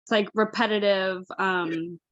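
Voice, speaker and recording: A woman's voice: mid-range voice, steady tone, a little slow, a bit bright, no room sound, lo-fi sound. A woman taking part as a coaching client on a call, talking hesitantly and laughing often.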